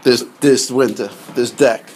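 A podcast host rambles jokingly while watching TV clips, calling his listeners "gang" in a casual comedic monologue. His medium-pitched voice is darkish and fairly even, unhurried, with slight background noise.

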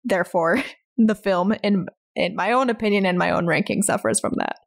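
A woman's voice: medium pitch, moderate pace, creaky. Female podcast co-host, chatty and hedging, casual. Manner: chatty, laughs often, hedging with "like". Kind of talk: casual film review chat.

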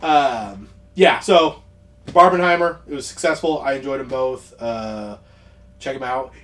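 A man co-hosting a podcast, chatting casually about movies, rambling with quick asides and frequent laughs. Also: medium pitch, fairly bright tone. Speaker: podcast co-host.

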